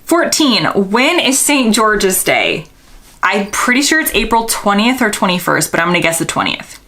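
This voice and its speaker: A woman's voice: medium pitch, big pitch swings, moderate pace, pushed and bright. A young American woman vlogger, casually thinking aloud and second-guessing herself while answering quiz questions. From United States.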